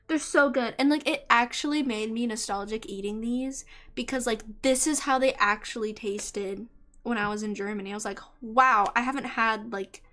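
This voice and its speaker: A young woman streamer chatting casually, rambling and animated, often laughing as she tells a story. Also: on the high side. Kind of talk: casual chat.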